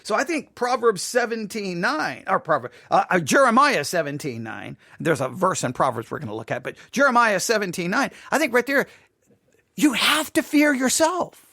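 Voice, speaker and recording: A man's voice: high-pitched, big pitch swings, a little fast, creaky, few pauses, bright, forceful tone, dry recording, studio quality. A man giving informal Bible teaching in an earnest, emphatic way, often repeating and restarting phrases.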